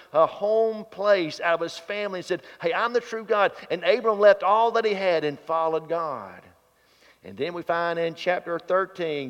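A man's voice: a little high, clear, resonant tone. A man preaching a sermon in a church, reading scripture, praying and telling folksy stories with rising energy. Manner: folksy storytelling preacher, grows louder and livelier. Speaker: pastor. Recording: muffled sound with long hall reverb.

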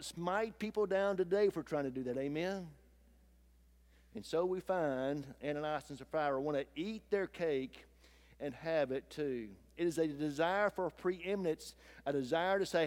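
A man preaching a folksy, animated sermon as pastor, acting out little quoted voices. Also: fairly high pitch.

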